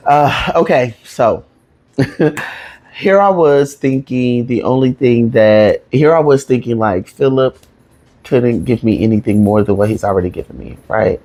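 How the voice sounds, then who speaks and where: A woman's voice: rumbling low, a little slow, mellow. A woman comedian telling a personal family story in casual slang, emotional and laughing through tears.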